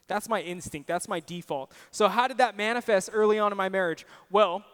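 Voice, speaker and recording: A man's voice: sits high, fairly quick, fairly bright tone, smooth, long reverb tail. A young man preaching a sermon, earnest and personal, telling stories on himself with self-deprecating asides. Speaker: pastor.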